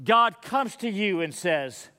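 A man preaching a sermon as pastor, earnest and emphatic, slowing down on key words. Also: sits high, expressive, sharp tone. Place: church sanctuary. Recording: long hall reverb.

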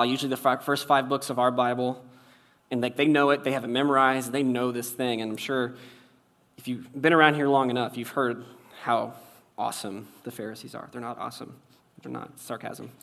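Man preaching a casual sermon. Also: mid-range voice. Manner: conversational, wry, shifts loud and soft for emphasis. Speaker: pastor.

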